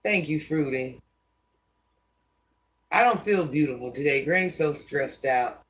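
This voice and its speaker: A deep, animated voice belongs to an older woman hosting a laid-back livestream, speaking a little slowly. She tackles viewer comments with blunt sass and regularly refers to herself in the third person.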